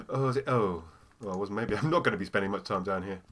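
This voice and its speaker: A man's voice: fairly low pitch, a bit bright, a little hiss or hum. A man giving casual let's-play commentary, chatty and full of "oh dear" asides. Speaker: gamer.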